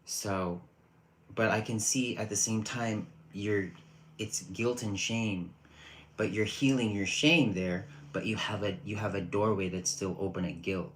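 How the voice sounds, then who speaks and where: A man's voice: low voice, slight background noise, low-quality recording. A man giving casual tarot readings on a livestream, chatty and rambling, often restarting his sentences. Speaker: tarot reader.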